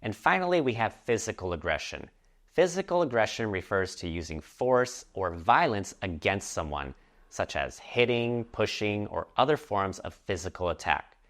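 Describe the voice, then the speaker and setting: A man teaching English vocabulary, explaining words and idioms from an article clearly and patiently with example sentences. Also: fairly low pitch, big pitch swings, normal speed, fairly bright tone.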